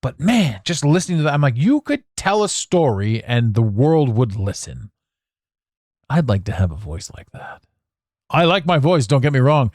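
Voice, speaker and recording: A man hosting a solo podcast monologue, animated and theatrical, swearing now and then. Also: medium pitch, normal speed, no echo, studio quality. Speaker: podcast host.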